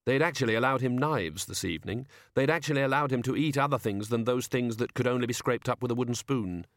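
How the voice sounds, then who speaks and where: A man narrating a comic fantasy audiobook in a lively, expressive reading. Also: medium pitch, quick pace, no echo, studio quality. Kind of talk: scripted narration.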